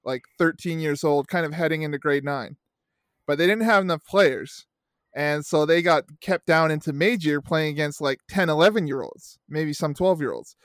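A man's voice: fairly high pitch, moderate pace, smooth, no room sound, clean studio sound. A middle-aged man in casual podcast chat, telling rambling, profane youth-sports stories. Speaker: podcast co-host and youth baseball coach.

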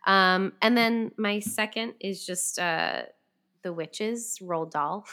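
A woman co-hosting a casual podcast chat, animated and peppered with likes and ums. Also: medium pitch, takes it slowly, clear, resonant tone. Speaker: podcast co-host.

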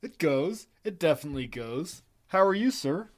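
A man's voice: a little high, big pitch swings, normal speed. A man co-hosting a casual podcast, joking and rambling with profanity. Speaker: podcast co-host.

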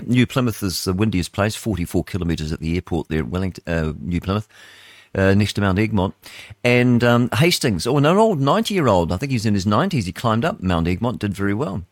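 Chatty New Zealand radio man, low dry voice. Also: no room sound. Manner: rambling, chatty, asides and fillers. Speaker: radio host. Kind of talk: casual radio chat reading weather.

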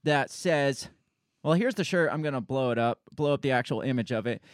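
A man's voice: medium pitch, fairly quick, no echo, clean studio sound. A man hosting a casual political podcast, rambling and blunt, swearing offhandedly. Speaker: podcast host.

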